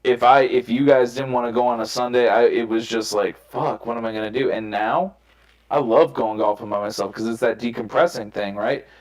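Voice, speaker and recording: A man's voice: medium pitch, moderate pace. A young man telling candid personal stories in casual podcast chat, swearing freely and rambling. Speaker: podcast host. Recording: roomy echo.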